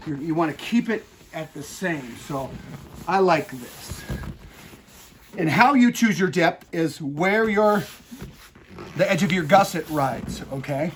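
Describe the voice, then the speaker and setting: A man's voice: a little high, lively intonation, slow, long pauses, a little hiss or hum. Casual man demonstrating in a workshop. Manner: casual, talks the viewer through each step with repeated "okay?". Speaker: upholstery instructor.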